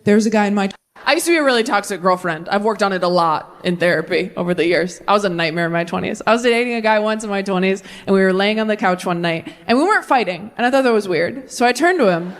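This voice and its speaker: A woman in her thirties doing stand-up with crowd work, self-mocking and quick with asides, on a club stage. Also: medium pitch. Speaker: stand-up comedian. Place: comedy club stage with audience.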